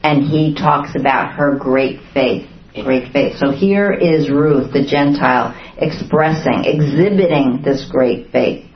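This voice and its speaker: A woman's voice: low-pitched, slow pace, hardly any pauses. A woman teaching a Bible study to a group, often asking the listeners questions and acting out the quotes she reads. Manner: asks the listeners many questions, acts out quotes. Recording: roomy, dull lo-fi recording.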